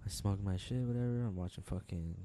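A man co-hosting a podcast, telling a rambling story full of swearing and slang, laughing often, relaxed and high. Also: a little fast, a little hiss or hum. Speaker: podcast co-host. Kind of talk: casual chat.

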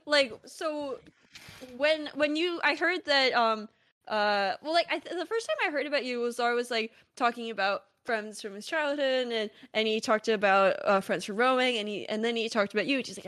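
A woman's voice: on the high side, normal speed, a bit bright, dry recording, clean studio sound. Chatty, laughing woman host. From United States. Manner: chatty, laughs often, many fillers. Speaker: podcast host. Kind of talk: casual interview chat.

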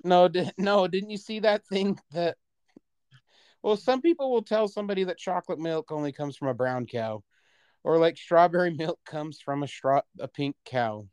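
Podcast co-host, a man with a smooth, slightly high voice, animated and chatty, laughing mid-story. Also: normal speed, no echo, studio quality. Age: adult parent. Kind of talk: casual podcast chat.

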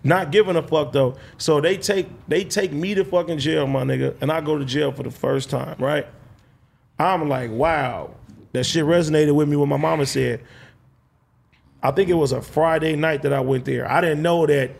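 Give me a man with a gravelly voice, slangy and animated, telling a personal story. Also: fairly high pitch, moderate pace. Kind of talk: casual storytelling chat.

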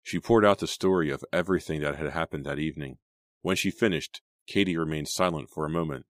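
Man, very deep voice, suspenseful audiobook narration, dry close mic. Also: quick pace, dry recording. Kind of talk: scripted horror narration.

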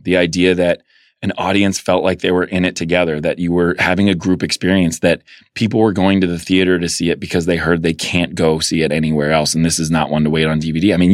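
A man interviewed as a filmmaker, telling anecdotes with animated energy and acting out the voices of the people in them. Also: sits low, no echo, studio quality. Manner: animated storyteller, acts out quoted voices. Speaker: guest filmmaker. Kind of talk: casual interview storytelling.

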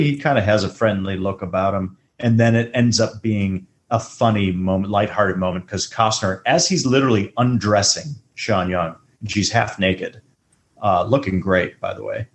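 A man co-hosting a movie podcast in casual chat, joking and getting animated as he riffs on scenes. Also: moderate pace. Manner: animated, jokey, rises high when riffing. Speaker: podcast co-host.

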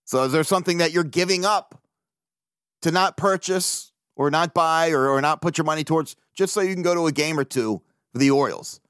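Male podcast host, slightly high voice, dry close sound, profane and animated. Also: a little fast, clean tone, no echo. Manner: profane, animated, laughs often. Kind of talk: casual solo podcast talk.

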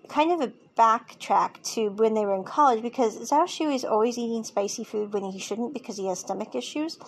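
A woman recapping a drama episode in a chatty, animated way, acting out the characters' lines as she goes. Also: on the high side, a little hiss or hum.

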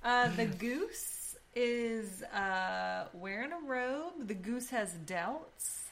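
A woman with a fairly high voice co-hosts a casual podcast and recaps episodes from her notes with sarcastic humor. A faint background noise sits under her voice. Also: extremely slow, a bit bright. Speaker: podcast co-host. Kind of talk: casual chat recapping a show.

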